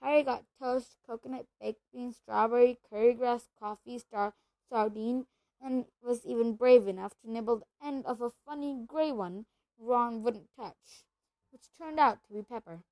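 A woman reads a children's novel aloud at a steady pace, now and then tripping over a word and going back. Her voice sits fairly high and the sound is dry, with no room echo. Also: measured pace. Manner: steady reading with small slips and self-corrections. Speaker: storybook reader.

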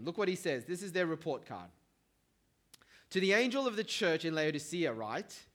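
Aussie pastor guy, kinda high voice, chatty sermon with asides to the crowd. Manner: conversational, animated storytelling with asides to the congregation.

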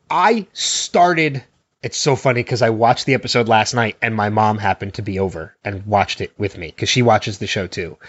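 A man's voice: mid-range voice, a bit bright, dry recording, lo-fi sound. A man co-hosting a casual TV recap podcast, talking with lots of fillers and frequent laughter. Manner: halting with fillers, laughs often. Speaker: podcast co-host.

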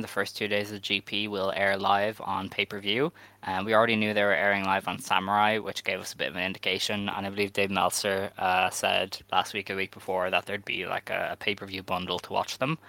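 Bright-voiced man in casual chat. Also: on the low side, gravelly, dry recording, poor audio. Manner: relaxed, hesitant with many fillers. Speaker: podcast co-host.

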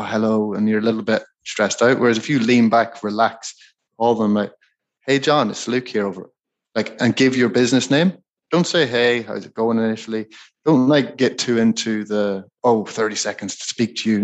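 A man with a low, gravelly voice that sinks into vocal fry, co-hosting a podcast. He hands out sales tips in a relaxed, rambling, conversational way. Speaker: podcast co-host. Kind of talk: casual podcast chat giving sales advice.

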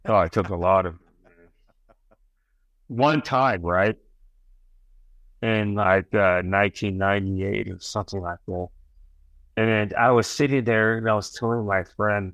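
A man's voice: lowish voice, steady tone, a little slow, pauses often, fairly bright tone, no echo. A middle-aged man, a podcast guest, telling a long story in casual chat, rambling and swearing, tagging sentences with "right?" and "bro".

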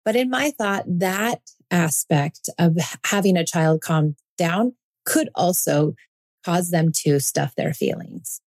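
A woman's voice: fairly low pitch, slow, a little mellow. A woman in her forties hosting a parenting podcast, talking earnestly and reassuringly, often repeating her points for emphasis. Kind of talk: podcast monologue.

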